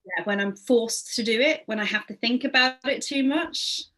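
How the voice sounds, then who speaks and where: A woman's voice: a little high, moderate pace, a bit bright, low-quality recording. Reflective woman interviewer. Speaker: interviewer, performance artist. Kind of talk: casual conversation.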